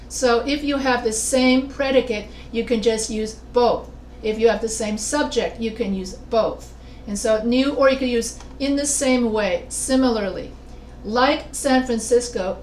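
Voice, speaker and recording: A writing instructor with a fairly high, darkish voice teaches an online class over a video call, working through points step by step and pausing to question her students. The audio is roomy and echoey with a faint hiss.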